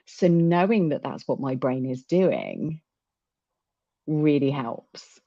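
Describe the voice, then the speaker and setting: Low-voiced woman, candid and halting. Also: animated, dark tone, dry recording. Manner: candid, halting, many restarts. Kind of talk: casual chat. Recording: dull dry lo-fi sound.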